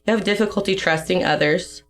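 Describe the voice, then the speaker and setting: A young woman giving a personal testimony in a podcast interview, emotional and halting, with fillers and soft laughs. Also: on the low side, faint music behind.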